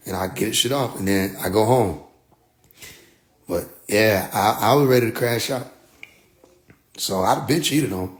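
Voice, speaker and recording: A young man casually telling a personal story, profane and animated, jumping from loud outbursts to low muttered asides. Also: moderate pace, pauses often.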